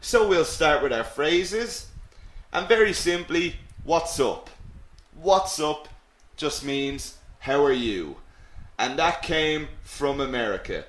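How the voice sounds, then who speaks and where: A man leads an English lesson in a slow, deliberate way, with a slightly raised pitch. He stays upbeat and encouraging and repeats key words. The room gives his voice a noticeable echo. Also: expressive, a bit bright. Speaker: English teacher. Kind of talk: live online English lesson. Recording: roomy echo.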